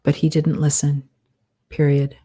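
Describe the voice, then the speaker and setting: Low, flat-voiced woman dictating slowly. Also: slightly rough. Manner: speaks punctuation marks aloud, measured and deliberate. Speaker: author. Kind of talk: dictating a novel aloud.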